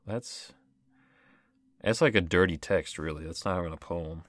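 A man with a deep, low voice, recorded dry with no room sound. He chats crudely and jokingly between poems. He often lets his voice sink to a near-murmur. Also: normal speed, long pauses, fairly bright tone, dry recording. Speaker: poetry reader. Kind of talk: casual commentary between poem readings.

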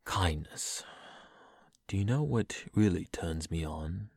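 A young man reading poems aloud in a soft, slow, breathy whisper, in the style of ASMR. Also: deep voice, animated, no room sound, studio quality. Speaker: poetry reader.

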